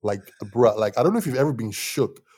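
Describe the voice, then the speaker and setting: A young man telling stories about his music start in a casual interview, animated and slangy, laughing often. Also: medium pitch, fairly quick, husky, no room sound. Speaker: musician guest.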